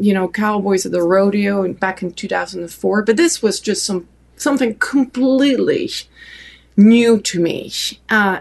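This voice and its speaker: A woman's voice: mid-range voice, creaky. A woman from France with a French accent, an interview guest telling a long story with many fillers and restarts. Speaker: podcast guest.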